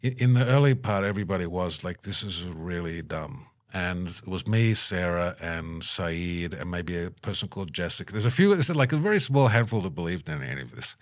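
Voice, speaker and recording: A middle-aged man in an interview, telling stories with lively energy and acting out the people he quotes. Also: sits low, fairly quick, few pauses. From Australia. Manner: animated, puts on voices when quoting people. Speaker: guest. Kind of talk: storytelling interview.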